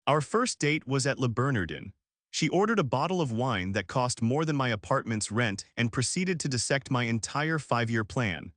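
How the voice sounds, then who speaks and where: A man in his forties reading a first-person story as narrator, with a smooth and even delivery. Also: medium pitch, normal speed, dry recording, clean studio sound. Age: 40s.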